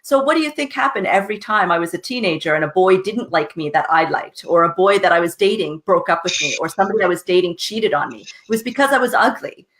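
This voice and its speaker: A woman's voice: fairly low pitch, expressive, fast, hardly any pauses, fairly bright tone. A woman guest on a podcast, earnestly telling her story in a casual way and often asking "right?" with a light laugh. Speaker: guest, success coach.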